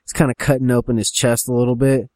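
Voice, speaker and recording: A man casually brainstorming a story, talking in a rambling, animated, profane way. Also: medium pitch, quick pace, no room sound. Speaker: co-writer.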